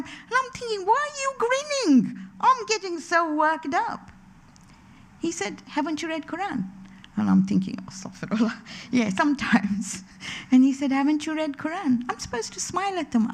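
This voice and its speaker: A woman's voice: fairly high pitch, a little mellow. A middle-aged woman giving a religious lecture to a women's gathering, chatty and anecdotal, mixing in stories and quoted voices. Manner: conversational, anecdotal, with quoted voices and Arabic recitation. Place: community centre lecture hall.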